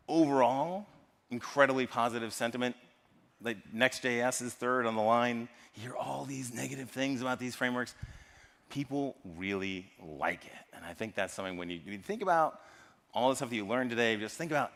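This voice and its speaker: Lively American man on a conference stage. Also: mid-range voice. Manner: lively, jokey, polls the audience. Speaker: conference speaker. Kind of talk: live tech conference talk. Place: large conference hall. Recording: long hall reverb from a live stage.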